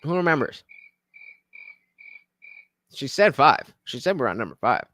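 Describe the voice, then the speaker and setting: A man's voice: mid-range voice, sing-song, unhurried, pushed and bright, no echo, clean studio sound. A man casually commenting while he reacts to a podcast clip, rambling with many fillers and reading out viewer comments.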